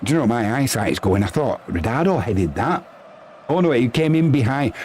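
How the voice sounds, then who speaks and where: A man doing chatty live football commentary, reading out viewer messages and yelping with excitement at goals. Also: moderate pace, slight background noise. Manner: chatty and excitable, bursting into high yelps at goals.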